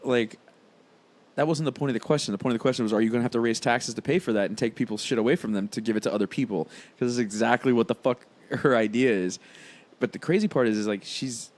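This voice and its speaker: Brief: mid-pitched man, blunt and profane, casual podcast banter. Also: fast talker, darkish tone. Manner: blunt, profane, laughs at his own jokes. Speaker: podcast co-host. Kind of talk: casual chat.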